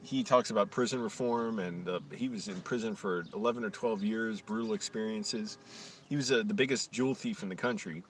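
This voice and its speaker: A man's voice: on the low side, a little fast, far from the mic. A young man rants on a live stream at home, rambling and swearing, and he slips into sarcastic mock voices now and then. He sits a little back from the mic. A faint hiss of background noise runs under his voice. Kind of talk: casual ranting monologue.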